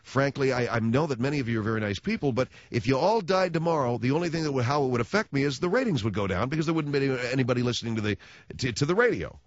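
A man hosting a radio talk show, delivering a mock-solemn, sarcastic announcement in a deadpan way into a studio microphone. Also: medium pitch, racing, no echo, dull audio. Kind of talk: sardonic radio monologue.

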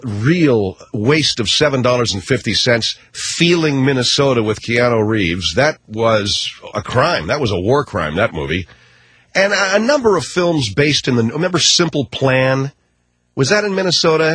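A middle-aged male talk radio host with a husky, slightly breathy voice that swings widely in pitch. He rants brashly and sarcastically, mocking everything in a comic monologue. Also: dry recording. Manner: brash, sarcastic, animated ranting.

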